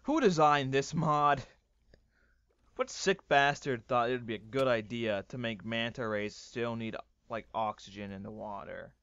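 A man doing excitable, swearing let's play commentary, ranting and often breaking into yells. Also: mid-range voice, unhurried, clean tone, dry recording, muffled recording. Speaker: gaming YouTuber.

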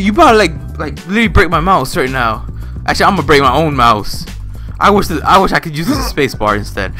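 A young man gaming at his home desk, out of breath, yelling and cursing at the game in frantic let's-play commentary. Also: a little high, very animated, quick pace, soft background music. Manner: yells and swears at the game, panting and cursing. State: out of breath and sweaty. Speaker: gaming YouTuber.

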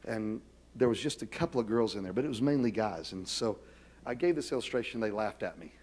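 Preaching as pastor, a middle-aged man mixes self-mocking humor into his sermon, slipping into soft asides before building to loud, emphatic calls. His voice sits lowish, animated and a little fast.

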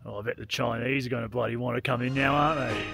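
A man's voice: medium pitch, fairly even intonation, fast talker, creaky, loud music behind the voice. A young man narrating a casual travel vlog outdoors, with dry, offhand humour. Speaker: travel vlogger. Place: outdoors, remote mountain roads.

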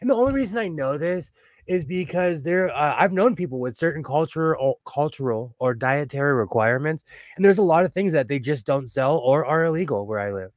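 A man's voice: on the high side, animated, fairly quick, dry recording, studio quality. An American man co-hosting a livestream in casual chat, laughing often and riffing on viewer comments. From United States. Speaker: livestream co-host.

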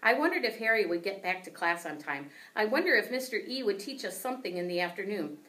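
A woman teacher reading a children's book aloud with expressive storytelling. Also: mid-range voice, quick pace, hardly any pauses, recorded from a distance.

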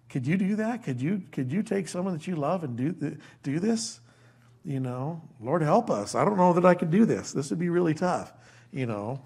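A man, an older pastor, preaching a conversational verse-by-verse sermon, folksy and animated, acting out quoted lines and dropping into quiet asides. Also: sits high, normal speed, husky.

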